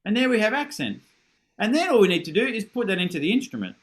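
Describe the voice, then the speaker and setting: Man, middle-aged, horn masterclass teacher, encouraging, high voice, video call audio. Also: very animated, fast talker, a bit bright. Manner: encouraging, self-deprecating, demonstrates with sung syllables.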